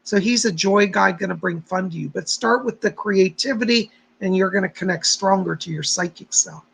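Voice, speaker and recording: Guy doing a chill psychic livestream, kinda raspy and gravelly, chatty, says hi to everyone by name. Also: high voice, moderate pace, fairly bright tone, poor audio. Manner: chatty, greets viewers by name and gives psychic readings. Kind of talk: casual livestream chat and guided meditation.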